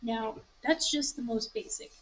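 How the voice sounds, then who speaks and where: A young woman with a somewhat high voice talks a writing group through plot structure in a public library meeting room. Her tone is casual and chatty, she leans on familiar stories as examples, and she stops to fix her own wording. A light hiss sits under her voice. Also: unhurried, rough recording. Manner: chatty, explains through story examples, self-correcting. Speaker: writing club leader.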